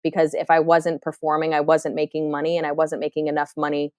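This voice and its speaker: A woman's voice: deep voice, monotone, quick pace, a little mellow, clean tone, no echo, clean studio sound. A woman comedian in her thirties from New Jersey, talking candidly in a podcast interview, often restarting her sentences. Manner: candid, reflective, with frequent fillers and restarts. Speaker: stand-up comedian, guest.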